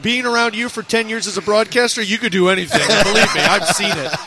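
A man's voice: high-pitched, a loud crowd. A man hosting a sports broadcast from an arena event, chatting casually and joking with his co-host. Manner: chatty, joking, quick to laugh.

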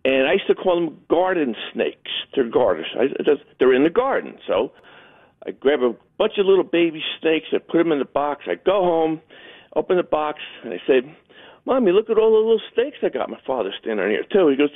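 A man calling in to a talk show, telling stories and jokes in an animated way over a phone line. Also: on the high side, brisk. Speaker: caller. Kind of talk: phone-in storytelling.

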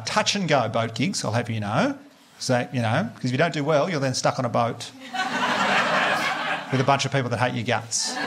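A man's voice: medium pitch, fairly bright tone, slight background noise. A man with an Australian accent doing a stand-up comedy set in a club, telling chatty stories and teasing the crowd on a handheld mic. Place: comedy club stage with live audience.

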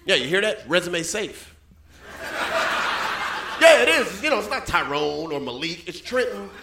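High-voiced man in his thirties doing stand-up. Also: big pitch swings, unhurried. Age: 30s. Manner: conversational crowd work with frequent asides. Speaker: stand-up comedian. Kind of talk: stand-up comedy set. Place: comedy club stage. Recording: echoey club with background noise.

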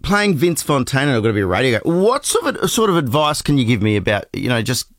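A middle-aged Australian man hosting a breakfast radio show, chatting casually and poking fun at himself, with a few ums along the way. His voice sits at an ordinary pitch. The studio sound is close and dry. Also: sing-song, quick pace, fairly bright tone, no echo. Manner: chatty, self-deprecating, with frequent ums. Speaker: radio host. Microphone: studio microphone.

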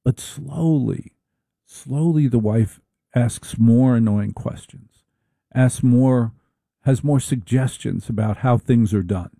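Gravelly, dark-voiced middle-aged man. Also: mid-range voice, no echo. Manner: wry, deliberate, drawn-out delivery. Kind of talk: casual humorous monologue.

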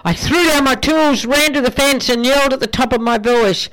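A man's voice: very high-pitched, moderate pace, few pauses, a bit bright, low-quality recording. A man presenting a radio show, playfully telling jokes between songs. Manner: playful storytelling.

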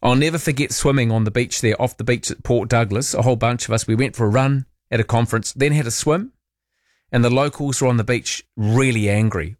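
A man's voice: mid-range voice, a little fast, dry recording, clean studio sound. A man hosting late-night talkback radio, chatting and reading out listener texts. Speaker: overnight radio host.

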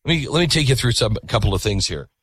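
A man's voice: medium pitch, rapid-fire, husky. A man hosting a talk show, delivering an opinionated monologue with emphatic repetition. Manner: animated, emphatic, repeats himself.

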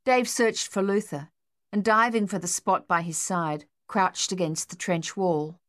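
A woman reading an audiobook in measured, even storytelling narration. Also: lowish voice, no room sound, studio quality.

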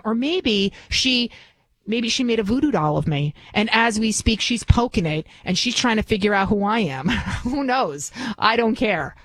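A woman's voice: a little high, lively intonation, moderate pace, dry recording, poor audio. A woman in her forties hosting talk radio, telling a story in an indignant, ranting manner. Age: 40s.

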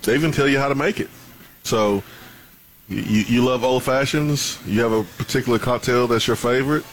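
Teasing radio co-host. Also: male voice, medium pitch, brisk, slight background noise, low-quality recording. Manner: teasing, laughs often, playful protests. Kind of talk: casual sports talk radio. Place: remote broadcast at a distillery.

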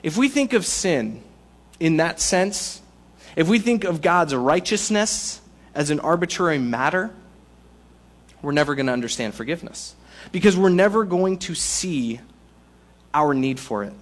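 Guy preaching, slightly higher voice, chatty and jokey. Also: lively intonation, unhurried, long pauses. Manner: conversational preaching with humorous analogies. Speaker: pastor. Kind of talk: sermon.

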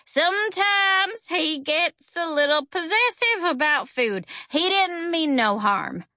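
Woman reading as a gentle boy, slow and soothing, kinda sorry, bright voice. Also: very high-pitched, expressive, dry recording, studio quality, pitched above the performer's own voice, exaggerated voice. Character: gentle boy, parrot owner.

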